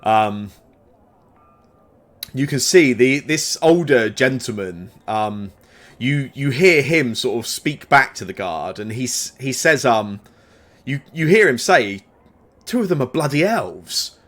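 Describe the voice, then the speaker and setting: A man's voice: mid-range voice, lively intonation, takes it slowly, fairly bright tone. Guy gm narrating a tabletop game, lots of um and sort of, hesitant and rambling. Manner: hesitant, many fillers and restarts. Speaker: game master.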